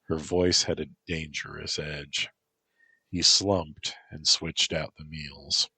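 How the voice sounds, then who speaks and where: A man narrating a story in a slow, measured reading voice with a husky tone. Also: extremely low pitch, steady tone, sharp tone, dry recording.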